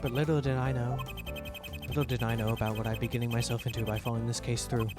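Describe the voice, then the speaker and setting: A man's voice: mid-range voice, level tone, fast, lightly acted. Brief: a man as a brash young rookie detective over game music. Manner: brash, indignant.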